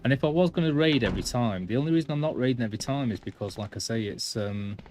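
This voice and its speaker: A man's voice: medium pitch, expressive, fast, a little mellow. A man casually chatting to his viewers while streaming a game, chatty and self-deprecating. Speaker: gaming streamer. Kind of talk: casual live-stream commentary.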